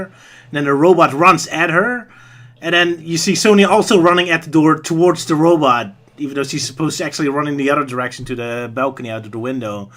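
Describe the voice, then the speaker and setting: A man co-hosting a casual podcast chat, relaxed and trailing off into quieter asides. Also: a little high. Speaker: podcast co-host.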